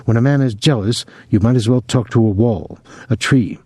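A man voicing a sullen, blunt foreign woman who works as a house servant, speaking flatly. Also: medium pitch, moderate pace, no room sound, natural voice. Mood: calm, flat.

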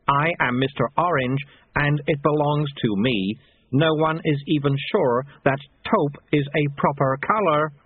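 A man voicing a petty, indignant male official in an audiobook, shrill and quarrelsome. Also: fairly even intonation, normal speed, hardly any pauses, no room sound, phone-quality sound.

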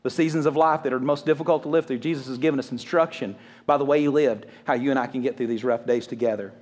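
A man's voice: medium pitch, fairly even intonation, darkish tone. A man preaching a sermon as a pastor, casual and conversational, joking and acting out what people say. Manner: fast, conversational preaching with quick jokes and acted-out quotes.

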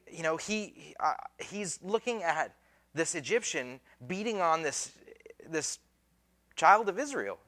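A man's voice: sits high, fairly bright tone. A man preaching a sermon as pastor, in a casual, conversational way with slang and acted-out quotes.

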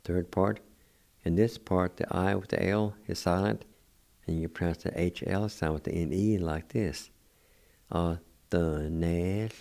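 An older man hosting a radio language lesson, spelling words letter by letter and repeating each pronunciation slowly. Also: low-pitched, fairly even intonation, gravelly, a little mellow. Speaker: radio host teaching language.

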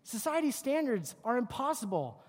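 A youth pastor giving a joking, animated sermon to a group of kids, working through slides and poking fun at teen habits. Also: mid-range voice, normal speed. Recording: long hall reverb.

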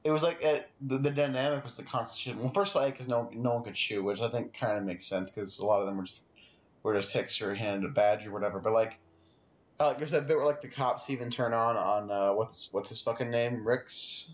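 A man chatting on a podcast about a film, halting and repeating words as he talks. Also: mid-range voice, highs cut off. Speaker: podcast co-host. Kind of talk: casual film discussion.

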